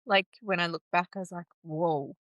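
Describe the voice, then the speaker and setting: A woman recounting a painful personal story in an interview, halting and restarting, with nervous laughs. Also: lowish voice, fairly bright tone, no echo. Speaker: guest telling her story.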